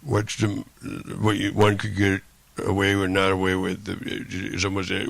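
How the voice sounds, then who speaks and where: A man rants in a long, rambling monologue, swearing freely and circling back to repeat the same phrases. His voice is gravelly with plenty of fry, yet bright and sharp-edged in tone. The sound is dry and close, with no room echo. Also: low voice, monotone, unhurried. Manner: profane, repetitive, rambling rant.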